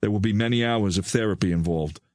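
A man voicing a kindly, soft-spoken older male doctor, his voice low and gentle. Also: quick pace, no room sound, studio quality, lightly acted. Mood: grave, measured.

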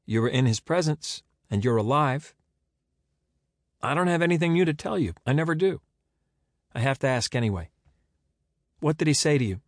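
A man's voice: medium pitch, animated, moderate pace, long pauses, no echo, studio quality, voice pushed up, close to an everyday voice. A man voicing a patient, persistent woman investigator who keeps probing with questions.

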